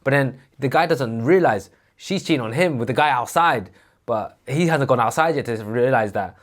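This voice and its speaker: A man co-hosting a podcast, telling a story in a casual, animated way and acting out the people in it. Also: medium pitch, normal speed. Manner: animated, acts out voices in his story. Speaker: podcast co-host.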